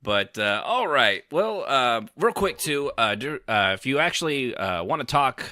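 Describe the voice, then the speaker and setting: A man's voice: medium pitch, big pitch swings, unhurried, pushed and bright, dry recording. A man hosting a podcast in casual chat, rambling and joking with lots of fillers. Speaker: podcast host.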